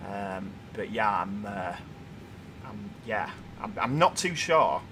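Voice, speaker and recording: A man's voice: on the low side, animated, slow pace, a bit bright, a little hiss or hum. A young man with a Yorkshire accent, hosting a casual livestream and chatting as he reads viewer comments aloud. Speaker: livestream host.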